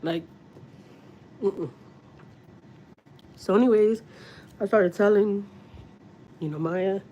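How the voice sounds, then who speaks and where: A woman's voice: on the low side, measured pace, pauses often, mellow, slight background noise. Profane rambling woman on a livestream. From Houston, Texas. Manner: rambling, profane, with many restarts. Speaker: mother livestreaming to her channel. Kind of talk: candid livestream talk.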